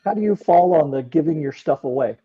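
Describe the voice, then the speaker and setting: Teasing interview host, husky tone, dull lo-fi recording. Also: medium pitch, animated, brisk. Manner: teasing, asks pointed questions. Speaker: podcast host. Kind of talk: casual interview.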